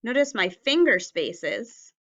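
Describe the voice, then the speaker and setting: A woman teacher leading a children's writing lesson on video, speaking slowly and enunciating words carefully so young learners can follow. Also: on the high side, sing-song, a bit bright, lo-fi sound. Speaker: elementary teacher.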